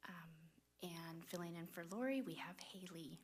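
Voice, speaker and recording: A woman chairing a public school board meeting, reading out votes and case numbers with frequent pauses and ums. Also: lowish voice, husky. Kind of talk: formal meeting procedure.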